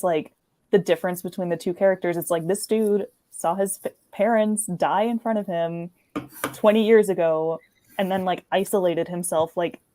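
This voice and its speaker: A woman with a fairly low voice chats about a film in a relaxed, easygoing way. Her talk is dry and close to the mic. She leans on "like" as she gathers her thoughts. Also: no echo. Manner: relaxed, uses many "like" fillers. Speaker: podcast co-host. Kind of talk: casual film review chat.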